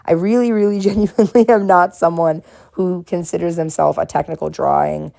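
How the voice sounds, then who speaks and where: A woman, possibly in her thirties, from the Boston area with a faint Boston accent, talks gently and encouragingly about her art while she paints, laughing at herself now and then. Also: on the low side, fairly even intonation, moderate pace, gravelly. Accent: faint Boston, mostly smoothed out. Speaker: art vlogger and therapist. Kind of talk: casual reflective talk while painting.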